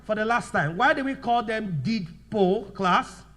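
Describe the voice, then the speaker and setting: A man's voice: high-pitched, lively intonation, fairly bright tone. A male law lecturer, giving a revision class, repeating points and quizzing students with fill-in questions. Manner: slows down to dictate notes.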